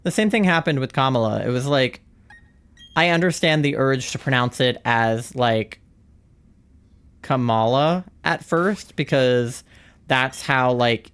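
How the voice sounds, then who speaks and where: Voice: medium pitch, a little slow, fairly bright tone, clean tone. Chatty, rambling young-adult streamer. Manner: rambling and chatty, laughs often. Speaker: live streamer. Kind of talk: casual chat while streaming a game.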